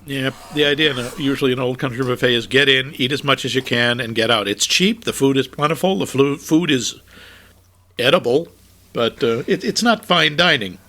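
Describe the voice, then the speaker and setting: A man's voice: mid-range voice, normal speed, sharp tone. A man from New England co-hosting a film podcast, chatting in a rambling way with many restarts. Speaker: podcast co-host. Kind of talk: casual film chat.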